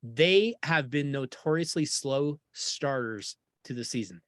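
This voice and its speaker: A man hosting a sports talk show, talking in an animated, opinionated and jokey way. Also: medium pitch, unhurried, no room sound. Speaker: podcast host.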